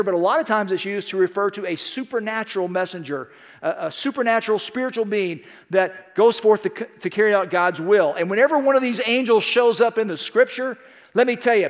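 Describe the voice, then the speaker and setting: Middle-aged male pastor, high voice, emphatic folksy sermon, big reverberant sanctuary. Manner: emphatic, folksy storytelling with rhetorical questions. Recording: long reverb of a large hall.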